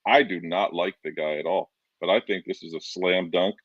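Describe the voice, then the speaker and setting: A man with a very deep voice talks sports as a podcast co-host, earnest and often restarting his sentences. His sound is dull and dry, with no room around it. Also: fairly even intonation, moderate pace, dry recording. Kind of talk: casual sports talk.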